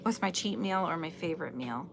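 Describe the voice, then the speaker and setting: A woman's voice: on the low side, lively intonation, a little fast, gravelly, over music. A woman in her forties hosting a casual crochet livestream, chatting and answering viewer comments with frequent laughs. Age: 40s. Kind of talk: casual chat while crocheting.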